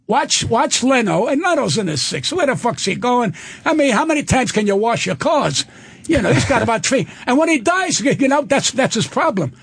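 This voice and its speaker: An older man, a comedian guest, ranting loudly and profanely on a radio show. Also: very high voice, very animated, normal speed, creaky, slightly rough.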